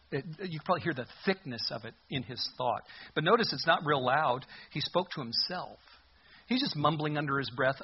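A man preaching a sermon as a pastor, expressive and full of rhetorical questions, on a muffled lo-fi recording. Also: mid-range voice, slight background noise.

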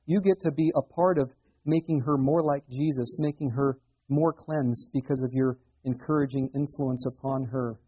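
Husky-voiced man preaching conversationally. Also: medium pitch, steady tone, moderate pace, dark tone, low-quality recording. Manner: conversational preaching with rhetorical questions. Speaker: pastor. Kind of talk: sermon.

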